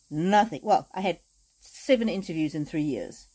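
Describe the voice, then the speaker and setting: A woman chatting with viewers on a live stream as an oracle card reader, speaking in gentle, repetitive affirmations with frequent hesitations. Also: lowish voice, lively intonation, normal speed, low-quality recording.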